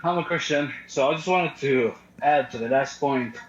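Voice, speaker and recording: A man from the Middle East calling in from a gym, out of breath, earnest and halting. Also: mid-range voice, a little hiss or hum. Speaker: caller. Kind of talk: casual call-in comment. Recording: muffled echoey call audio.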